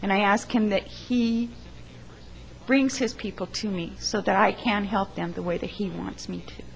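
A woman who works as a funeral arranger, sharing an earnest, emotional testimony in church, halting at times. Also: medium pitch, steady tone, creaky, rough recording.

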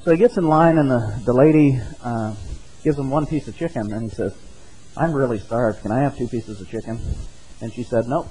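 A man's voice: mid-range voice, brisk, warm tone, poor audio. A man preaching an earnest sermon, mixing scripture readings with a folksy story. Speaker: pastor.

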